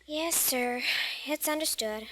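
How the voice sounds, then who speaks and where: A woman's voice: high-pitched, slow pace, fairly bright tone. An actress playing a frightened, insistent young girl in a 1950s radio drama, pleading and frantic.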